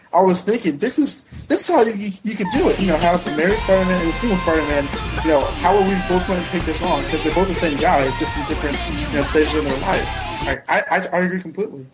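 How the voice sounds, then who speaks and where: A man co-hosting a comic book podcast, talking quickly in a somewhat high voice. He stumbles and repeats words as he agrees with the others. He sits further off the mic than the other hosts. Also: music in the background, poor audio. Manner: hesitant, fast, repeats words. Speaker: podcast co-host. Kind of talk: casual comic book review chat.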